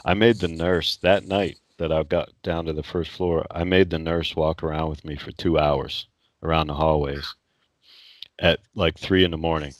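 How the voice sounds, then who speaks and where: A man with a notably low voice talks through his own story as a podcast guest. He is candid and blunt and curses without hesitation. The sound is dry, with no room echo. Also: flat delivery, moderate pace. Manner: candid, blunt, swears freely, laughs while telling stories. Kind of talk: casual interview storytelling.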